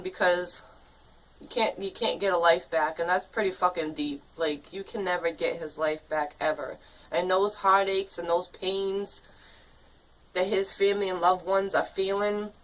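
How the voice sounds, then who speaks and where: A woman's voice: mid-range voice, a bit bright, recorded from a distance, poor audio. Swearing, rambling woman in her thirties. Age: 30s. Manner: angry, profane and rambling, full of fillers. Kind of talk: casual vlog rant.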